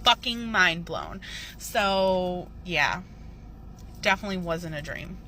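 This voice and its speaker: Bright-voiced woman telling a dream story. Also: on the low side, takes it slowly, a little hiss or hum. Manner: filler-heavy, animated retelling. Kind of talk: casual storytime.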